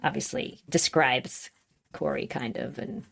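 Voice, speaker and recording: A low, gravelly-voiced woman talks through a TV episode in a casual podcast chat. She keeps the story moving, slipping into short, animated impressions of each character. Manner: animated retelling, acts out characters' lines in quick voices. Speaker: podcast co-host recapping a TV episode.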